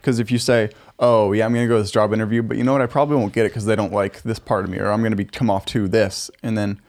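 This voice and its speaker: A young man in casual chat as a podcast co-host, talking quickly with many fillers. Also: on the low side, steady tone, darkish tone.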